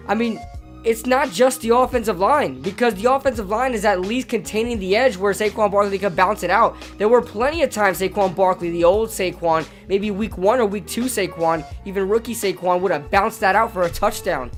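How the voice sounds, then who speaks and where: A man with a hoarse, strained voice, ranting casually about his football team as a sports vlogger, often repeating himself as he gets fired up. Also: high-pitched, a little fast, soft background music. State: hoarse from yelling at a game.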